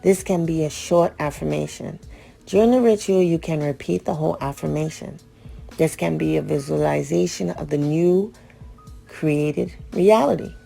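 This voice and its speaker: A woman's voice: low-pitched, moderate pace, gravelly, mellow, soft background music. A woman hosting a radio show, reading out ritual steps and breaking off for blunt, profane, joking asides.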